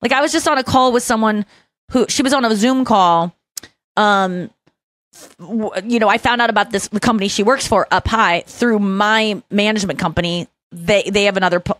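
A young adult woman hosting a podcast, telling animated stories in casual chat and acting out what others said. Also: mid-range voice, dry recording. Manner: animated storytelling, acts out quoted voices. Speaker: podcast host.

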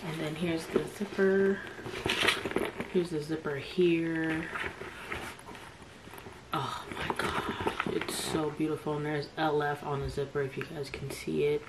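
In a very noisy home recording, a woman with a low-pitched voice and flat delivery talks at normal speed. As an unboxing vlogger, she excitedly gushes about a new bag, often whispering, while kids play outside.

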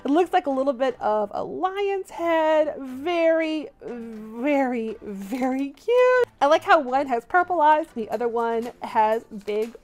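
A woman hosting a toy unboxing vlog, gushing and squealing with excitement, talking to viewers as "you guys". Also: sits high, slow.

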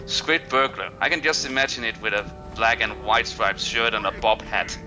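A man playing a co-op game with friends, talking in a deliberate, slightly pompous way. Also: on the low side, music in the background. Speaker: co-op game player. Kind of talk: casual let's-play chat.

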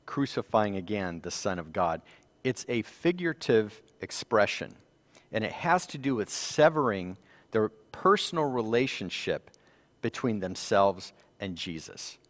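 A man with a low-pitched voice and an American accent leads a church Bible study. He reads passages aloud with lifted emphasis, then explains them in a steady teaching manner. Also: unhurried, in a large hall. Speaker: Sabbath School teacher.

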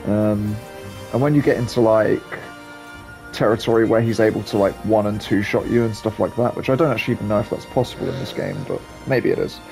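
A man's voice: fairly low pitch, a little fast, creaky, a little mellow, faint music behind. A young man giving casual, rambling gameplay commentary as a channel host, hesitant and full of ums.

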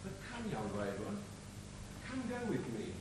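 A man's voice: on the high side, wildly swooping pitch, normal speed. A young man acting a chiding older friar in a stage play, exclaiming and scolding in verse. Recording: echoey hall, far, noisy old tape.

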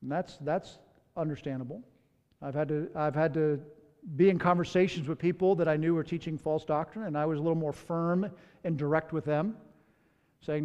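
A man's voice: a little high, steady tone, moderate pace, a little mellow, clean tone, in a large hall, lo-fi sound. A man preaching a sermon as pastor. He tells stories in a conversational way, with candid asides.

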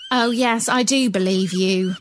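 A woman voicing a calm, reassuring female emergency telephonist. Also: mid-range voice, unhurried, a little hiss or hum, natural voice.

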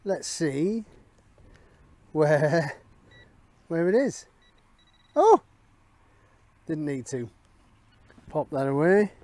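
Out in a field, a middle-aged English metal detecting vlogger speaks to viewers in a slightly raised voice, mulling over each find in a relaxed running commentary. He sounds a little high and expressive, very slow with frequent pauses, warm in tone, with no room sound.

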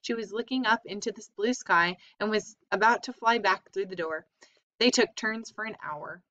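A woman's voice: mid-range voice, moderate pace, bright, forceful tone. A woman reading a children's book aloud, plainly, with small slips and self-corrections, on a slightly dull recording. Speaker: reader.

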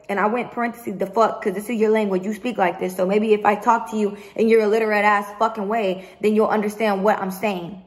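A woman's voice: mid-range voice, steady tone, fairly quick, hardly any pauses. A woman vlogger in a heated storytime rant to camera, swearing often and repeating herself for emphasis. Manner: profane, emphatic, repetitive venting.

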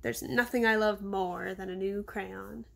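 A woman calmly reading a children's novel aloud. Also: medium pitch, measured pace, vocal fry. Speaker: reader.

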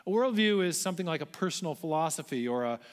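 A man's voice: fairly high pitch, expressive, fast, clear, resonant tone. A man giving a public lecture to a large audience in a church auditorium, explaining in a conversational way with the odd light aside. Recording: echoey hall.

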